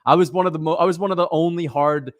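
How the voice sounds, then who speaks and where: A man's voice: a little high, fast talker, no echo. A young man hosting a livestream, reacting and reading chat messages, frustrated and swearing, repeating himself as he vents.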